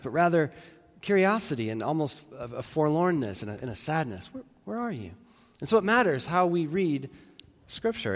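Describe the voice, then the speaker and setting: A man's voice: fairly high pitch, in a large hall. A man preaching a sermon in a conversational, reflective way, with fillers and restarts, in a church.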